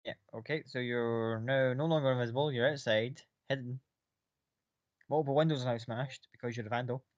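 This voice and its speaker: A man narrating as game master in a loose, rambling voice full of fillers and swearing, at a middling pitch. The sound is dry and slightly dull, close on the mic. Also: steady tone, brisk, no room sound.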